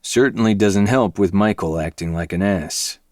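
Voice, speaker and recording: A man reading a dark novel aloud in first person, with low, intense, brooding delivery. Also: moderate pace, no echo, clean studio sound. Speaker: podcast host reading a novel.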